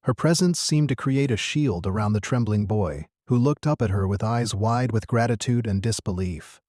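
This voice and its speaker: A man narrating a scripted story in a steady, earnest manner. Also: on the low side, moderate pace, dry recording, clean studio sound.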